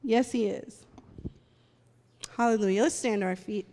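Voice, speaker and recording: Preaching and leading prayer in a church sanctuary, this woman speaks at a moderate pace in a voice on the high side. She is fervent and convinced, building up to loud prayer. Faint music plays beneath a long hall reverb.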